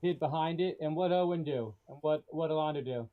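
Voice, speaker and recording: A man's voice: on the high side, a little fast, narrow, tinny audio. A man playing a tabletop game, chatty and full of questions. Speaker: player. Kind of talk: casual tabletop game chat.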